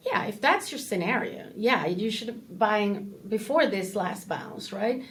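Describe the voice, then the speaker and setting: A woman who is a portfolio manager, a guest in an interview, explaining things in a measured way. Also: medium pitch, a little hiss or hum. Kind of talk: casual interview.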